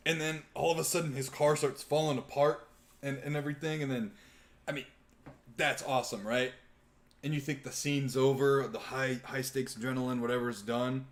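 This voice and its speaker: A young man hosting a live podcast, casually chatting and excitedly retelling a movie with lots of swearing. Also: medium pitch, moderate pace. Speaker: podcast host. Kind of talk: casual chat on a live stream.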